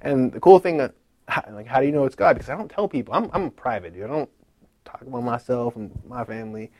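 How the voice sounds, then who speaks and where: A man's voice: mid-range voice, expressive, quick pace, darkish tone, dry recording. Man telling a chatty testimony, dry sound. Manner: chatty storytelling that acts out what others said, with many "like" fillers. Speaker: speaker giving a testimony at a conference. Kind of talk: casual personal testimony.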